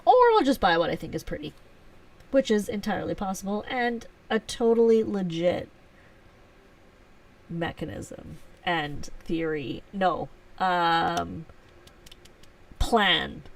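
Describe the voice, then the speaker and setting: A woman's voice: fairly low pitch, takes it slowly, creaky, pauses often, far from the mic. Chatty woman hosting a live stream. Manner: chatty, self-teasing, laughs often. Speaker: livestream host. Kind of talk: casual live chat answering viewers.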